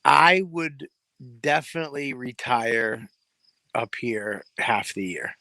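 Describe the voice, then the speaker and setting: A man co-hosting a podcast in casual chat, a profane, animated storyteller who acts out noises. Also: mid-range voice, slow pace, gravelly, no echo. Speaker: podcast co-host. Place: home in New Hampshire, crickets behind.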